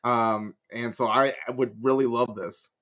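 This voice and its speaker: A man's voice: medium pitch, steady tone, unhurried, a bit bright. A man with a Chicago accent, co-hosting a podcast, chatting casually and enthusiastically, often with hesitant starts. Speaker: podcast co-host. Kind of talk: casual chat.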